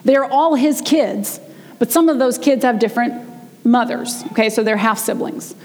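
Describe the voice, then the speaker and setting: A woman preaching a sermon, retelling a story in a chatty way and slowing down to stress key words. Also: on the high side, darkish tone, big-room sound. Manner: conversational storytelling, slows down for emphasis. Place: church sanctuary.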